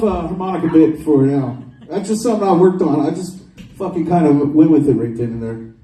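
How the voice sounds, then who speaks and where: A man's voice: fairly high pitch, a little fast, mellow, reverberant, recorded from a distance, slight background noise, poor audio. A man doing a crude, rambling stand-up set at a small bar open mic. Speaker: stand-up comedian. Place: small bar comedy stage.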